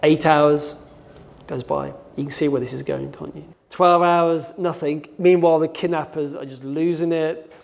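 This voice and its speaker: His voice is a little high and creaky, with fairly even intonation and a normal speed. He's a middle-aged hostage negotiator from Birmingham, England, telling a dramatic story in a stage keynote and performing scenes and his thoughts, with the long reverb of a large hall behind him.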